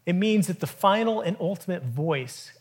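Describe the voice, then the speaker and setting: A man, preaching a sermon in a conversational, animated way with frequent restarts. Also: high voice, moderate pace, husky. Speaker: pastor.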